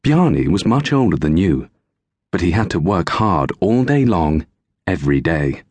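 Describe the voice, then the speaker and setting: Casting: low, husky male narrator for a children's story, lively and unhurried, dry close sound. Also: dry recording. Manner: animated storytelling. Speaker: audiobook narrator.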